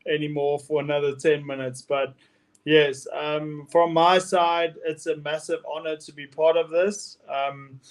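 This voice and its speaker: A man's voice: a little high, level tone, measured pace. A South African man co-hosting a casual podcast, blunt and rambling. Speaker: podcast co-host. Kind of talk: casual chat.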